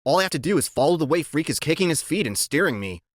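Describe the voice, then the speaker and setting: A man reads a children's novel aloud in the first person. His voice sits a little high for a man and moves around a lot in pitch as he tells the story. The sound is dry and close. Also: fast talker, dry recording. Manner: lively, expressive storytelling. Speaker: reader.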